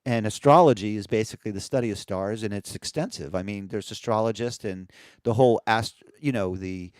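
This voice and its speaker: A man co-hosting a casual radio talk show, chatting in an animated, joking way with frequent restarts. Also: on the low side, fairly quick, no room sound, clean studio sound. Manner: animated, jokey, puts on voices in quotes. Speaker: podcast co-host. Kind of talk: casual conversation.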